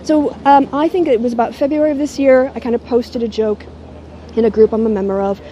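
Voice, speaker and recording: A middle-aged woman vlogs to a handheld camera held at arm's length, her delivery mocking and sardonic. Her voice sits a little high with a mellow, warm tone. Faint noise hums behind her. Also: steady tone, brisk, highs cut off. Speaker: YouTuber. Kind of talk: casual talking-head vlog.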